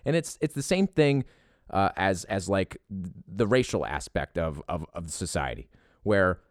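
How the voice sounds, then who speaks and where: A man's voice: low-pitched, animated, measured pace, dry recording, studio quality. A man from Philadelphia with a Philadelphia accent, delivering a profane, heated opinion rant about sports fans.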